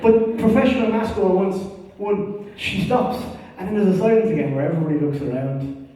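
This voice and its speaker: An Irish man performs stand-up with animated, profane storytelling and quick character voices. His voice sits high. It comes from a distance, with the long, roomy echo of a big hall. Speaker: stand-up comedian. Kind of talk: stand-up comedy set. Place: theatre stage before a live audience.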